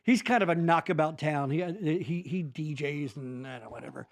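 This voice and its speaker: A man's voice: fairly high pitch, brisk. A man hosting a podcast in casual chat, joking and cursing freely. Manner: joking, profane, animated. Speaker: podcast host.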